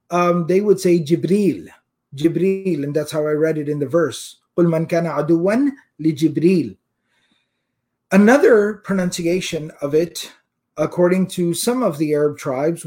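A man giving a religious lecture, explaining terms patiently and repeating them slowly for emphasis. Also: on the high side, darkish tone. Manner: recites Quranic verses in Arabic. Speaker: Islamic teacher.

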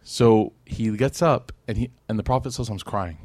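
A man's voice: fairly low pitch, racing, darkish tone, dry recording. Male religion teacher, casual lecture delivery, conversational, dry close-up recording. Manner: conversational, checks in with "right?" and acts out quotes. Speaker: Islamic class teacher.

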